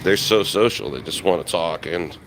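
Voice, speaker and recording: Man, very low voice, rough morning voice, casual live-stream rambling, outdoors, phone mic, faint background noise. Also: animated, normal speed. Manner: rambling, laid-back, greets chat viewers by name. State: rough just-woken voice. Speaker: travel vlogger. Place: outdoors in a quiet beach town in the early morning. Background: faint outdoor ambience.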